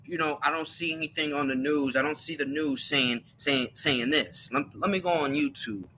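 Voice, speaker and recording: Bright-voiced man ranting on a live stream. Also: fairly high pitch, fairly even intonation, moderate pace, a little hiss or hum. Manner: emphatic, repeats and restarts words. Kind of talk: live-stream opinion monologue.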